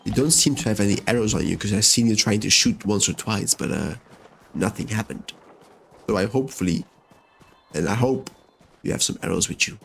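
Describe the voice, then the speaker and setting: A let's-play host gives chatty gameplay commentary, talking to the game's characters as he plays, with faint game music behind him. His voice is fairly low, brisk and slightly rough, with vocal fry.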